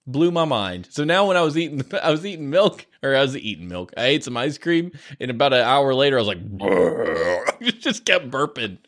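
Man, podcast co-host, casual and goofy, pitch jumps around a lot. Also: a little fast, hardly any pauses. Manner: goofy, excitable, laughs easily. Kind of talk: casual chat.

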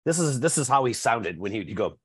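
A man's voice: medium pitch, sing-song, brisk, fairly bright tone, slightly rough, no room sound. A male host with a mid-range voice talks bluntly and swears freely in casual chat. He now and then mimics the people he is talking about. The sound is dry and close. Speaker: podcast host.

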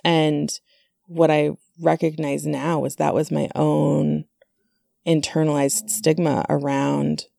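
A woman's voice: low-pitched, little pitch movement, takes it slowly, gravelly, dark tone, no echo, clean studio sound. A woman hosting a casual conversation, chatty, with many fillers and asides.

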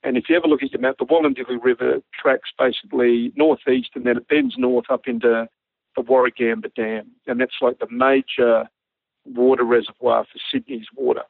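Gravelly man telling a story. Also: medium pitch, fairly quick, no room sound. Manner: animated storyteller, often laughing while talking. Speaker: former army helicopter pilot. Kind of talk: casual storytelling. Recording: dry tinny phone-like audio.

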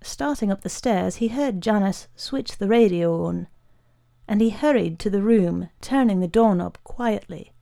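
A woman narrating a literary short story in a measured, unhurried way. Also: mid-range voice, gravelly, mellow.

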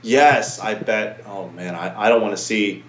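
A man's voice: fairly low pitch, unhurried, a loud crowd. A man co-hosting a casual podcast, rambling and thinking aloud. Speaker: podcast co-host. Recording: roomy, dull home mic.

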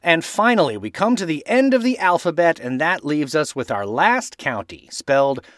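A man from Washington state hosting a podcast, reading a script playfully and spelling out place names slowly to correct how they are said. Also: a little high, very animated, fairly bright tone, no room sound, clean studio sound. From Washington state, USA. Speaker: podcast host.

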